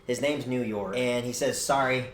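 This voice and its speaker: A young man streamer telling a story in casual chat, animated and swearing a lot. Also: mid-range voice, normal speed. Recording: roomy echo, faint noise.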